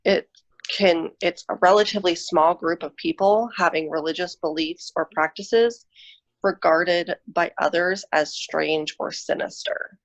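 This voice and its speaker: A woman's voice: lowish voice, fairly even intonation, unhurried. A woman presenting a podcast episode in casual chat, explaining things step by step. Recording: dull lo-fi recording.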